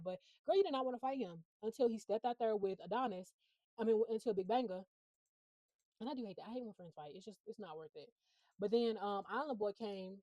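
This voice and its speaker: A woman's voice: medium pitch, a little mellow, dry recording, low-quality recording. A young woman recapping a reality show in casual chat, blunt and profane with lots of fillers.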